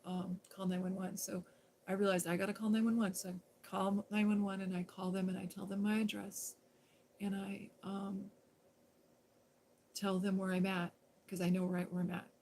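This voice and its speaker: A woman's voice: medium pitch, little pitch movement, normal speed, darkish tone, a little hiss or hum, poor audio. A woman casually telling a personal story on a live stream, rambling and conversational with lots of fillers and restarts.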